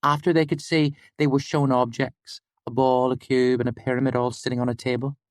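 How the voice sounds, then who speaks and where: Man putting on a young woman student voice, high, earnest, insistent, audiobook. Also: little pitch movement, fairly quick, dry recording, studio quality, close to an everyday voice.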